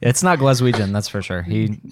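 A man's voice: on the low side, expressive, brisk, a crowd in the background. A man hosting a podcast, asking questions in an easygoing way and laughing often. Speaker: podcast host. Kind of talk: casual podcast conversation.

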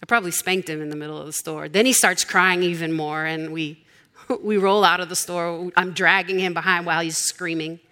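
A woman's voice: lowish voice, steady tone, a little fast, bright, forceful tone. A woman in her forties preaching a sermon, telling stories in a conversational, humorous way.

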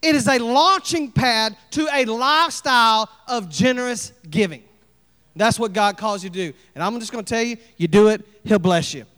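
A pastor preaching a sermon, folksy and animated, acting out little scenes. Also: male voice, high-pitched, normal speed, in a large hall. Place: church sanctuary.

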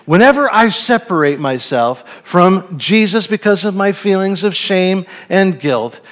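A man's voice: sits high, animated, unhurried. A man preaching a sermon, reading a Bible passage and then reflecting on it in an earnest, thoughtful way.

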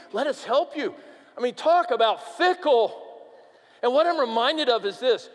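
A man preaching a sermon as pastor, emphatic and animated, sometimes dropping to a quiet, earnest tone. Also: extremely high pitch. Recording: long reverb of a large hall.

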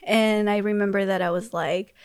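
A soft-spoken woman whose first language is Spanish chats casually as an interview guest. She fills her talk with "like" and laughs easily. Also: medium pitch, steady tone, moderate pace, clear, resonant tone. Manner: soft, laughs often, many fillers. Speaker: podcast guest.

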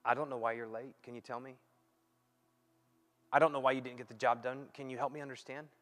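A pastor preaching a sermon, acting out quoted dialogue and swinging between loud and hushed delivery. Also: male voice, medium pitch, a little fast, soft background music. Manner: animated, acts out quoted dialogue. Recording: long hall reverb.

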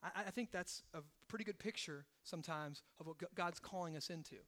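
A man preaching a sermon. He swings from hushed, low emphasis to loud, rising exhortation and keeps checking in with "right?". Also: fairly quick. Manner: asks the congregation rhetorical questions, often adding "right?". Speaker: pastor.

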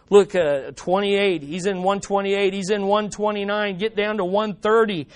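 Bible teacher preaching to a class, emphatic, reads scripture, loud highs and hushed lows. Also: normal speed, few pauses. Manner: emphatic, swings between loud declaring and hushed low lines; reads scripture aloud with call-and-response asides. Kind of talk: sermon-style Bible teaching.

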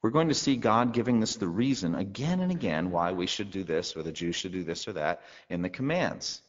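A male pastor with a very low voice delivers a teaching sermon, talking through the text conversationally and tossing rhetorical questions to the congregation. His voice rings with a long hall reverb and comes through a dull, lo-fi recording. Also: expressive, a little fast.

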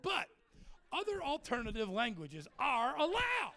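A man's voice: very high-pitched, a little slow. A man preaching a humorous sermon, telling stories with lots of laughter and playing out other people's voices. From Germany. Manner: jokey, animated, laughs a lot, acts out voices. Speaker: traveling preacher and worship leader.

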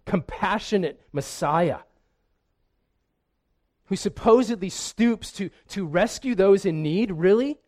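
A man's voice: fairly high pitch, animated, slow pace, pauses often, dark tone. A man preaching voices an indignant woman who turns to plain begging for help. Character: indignant foreign woman pleading with a healer.

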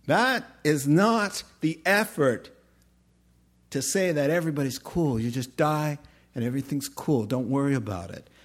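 A man preaching a sermon, emphatic, swinging between loud exclamations and quiet asides. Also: a little high, normal speed. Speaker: pastor.

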